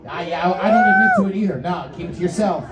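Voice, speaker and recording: A man hosting a comedy night in a bar, working the crowd with loud, hyped banter. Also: sits high, wildly swooping pitch, fast talker, very noisy. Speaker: comedy show host. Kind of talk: stand-up emcee banter. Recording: roomy live bar, distant mic, crowd.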